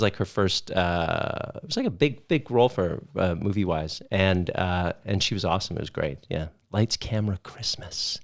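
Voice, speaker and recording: A man in his thirties chatting casually as a podcast guest, rambling and correcting himself, with quick jokes. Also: deep voice. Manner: rambling, self-correcting, joking. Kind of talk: casual chat.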